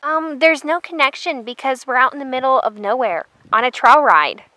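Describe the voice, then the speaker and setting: A woman's voice: sits high, normal speed, pushed and bright, no echo. A woman voicing a patient, matter-of-fact young trail leader in a toy horse drama.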